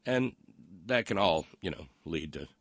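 A man's voice: sits low, lively intonation, a bit bright, no echo, studio quality. A man hosting a political talk show, reading listener comments and mocking the news with sarcasm and lots of ums and uhs. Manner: mocking, sarcastic, halting with many fillers.

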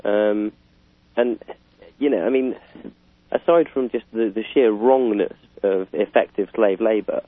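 A man's voice: on the low side, measured pace, dry recording. A British man in casual political chat, rambling with fillers and chuckling. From Britain. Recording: tinny phone-like line.

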